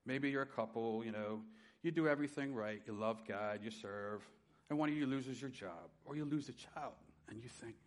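A man's voice: medium pitch, normal speed. Man preaching a heartfelt testimony. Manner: personal testimony, dynamic swings from loud to soft. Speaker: pastor. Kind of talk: sermon.

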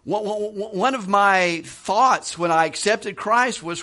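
Middle-aged man preaching a conversational sermon, slightly high voice, chuckles, restarts his phrases. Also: takes it slowly, few pauses, pushed and bright. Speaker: pastor.

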